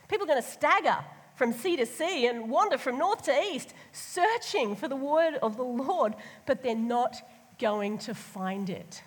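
A woman preaching a sermon, lively and colloquial, sometimes acting out the voices of the people she talks about. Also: high voice, measured pace, husky. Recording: long hall reverb.

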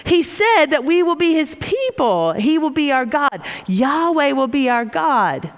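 A woman acting out an urgent prophet calling out to his people, earnest and pitched high. A long hall reverb trails behind every word. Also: big pitch swings, a little slow, highs cut off, heavily acted.

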